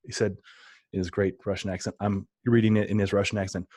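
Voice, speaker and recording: A man's voice: fairly low pitch, little pitch movement, quick pace, darkish tone, dry recording. A man hosting a podcast, chatting casually and enthusiastically in a rambling way. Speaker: podcast host.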